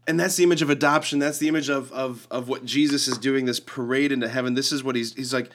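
A man's voice: fast talker, a little hiss or hum. A man co-hosting a casual faith podcast, chatty and full of "like", acting out quoted lines with a lifted voice. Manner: animated, acts out quoted lines with rising pitch; lots of "like" and restarts. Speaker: podcast co-host.

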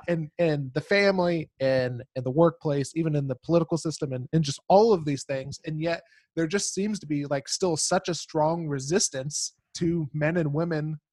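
A man's voice: a little high, no echo. Enthusiastic male host, dry sound. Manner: enthusiastic, rambling questions with many "like"s. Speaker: podcast host. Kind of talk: podcast interview.

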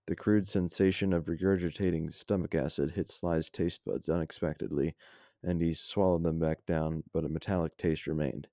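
Young man reading a story, very deep voice. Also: steady tone, moderate pace, creaky, warm tone, no echo. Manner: casual, self-correcting, wry asides. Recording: dull lo-fi dry home mic.

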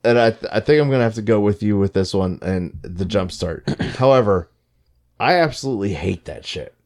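A man chatting casually, spinning a profane, animated story. His voice sits on the low side but jumps around a lot. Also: brisk. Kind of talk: casual chat.

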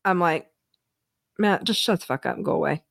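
A woman's voice: fairly low pitch, fairly quick, vocal fry, fairly bright tone, no room sound, studio quality. Profane, blunt woman with a twang. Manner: blunt, profane, laughs often. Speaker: podcast co-host. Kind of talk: casual reality-TV recap chat.

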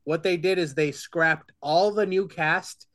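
A man's voice: a little high, unhurried, a bit bright. A man co-hosting a podcast in casual chat, rambling through his opinions with many restarts and wry complaints. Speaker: podcast co-host.

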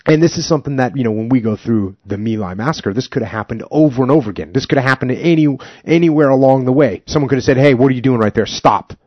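Husky-voiced man reading and discussing a book. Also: mid-range voice, fast, hardly any pauses, no echo. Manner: emphatic, animated when commenting. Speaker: podcast host. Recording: slightly muffled dry recording.

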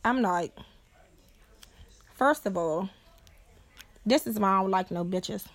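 Taking it slowly in a mid-range voice, a young woman hosting a podcast shares a personal story in a blunt, profane, casual style. She animatedly imitates other people and repeatedly checks in with "you know what I'm saying."

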